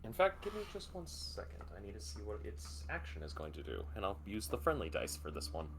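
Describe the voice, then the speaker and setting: A man narrating a tabletop game as game master, vivid and expressive, with some swearing. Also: fairly low pitch, a little fast, creaky, noisy background.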